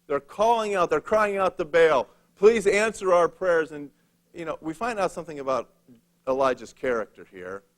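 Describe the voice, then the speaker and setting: A man's voice: a little high, animated, moderate pace. A male preacher retelling a Bible story in a casual, conversational sermon, with a humorous touch.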